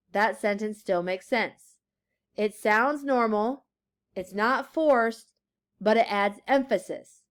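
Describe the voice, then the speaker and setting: In a fairly high voice, a woman teaches grammar to her class, slowly stressing important words and reading sample sentences aloud.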